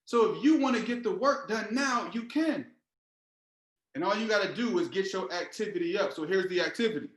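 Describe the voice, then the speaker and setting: A man with a high voice gives a fired-up motivational talk on a team call, repeating his points and pushing his listeners. His voice rings in an echoey room. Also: brisk. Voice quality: energetic, preachy, repetitive. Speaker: team leader and trading mentor.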